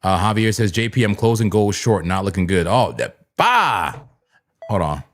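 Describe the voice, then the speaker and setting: Man, lowish pitch, casual live trading commentary, rambling, fillers, talks to chat. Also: very animated, moderate pace, fairly bright tone. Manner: rambling, chatty, full of "like" and "man"; talks straight to chat viewers. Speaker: crypto trading livestream host.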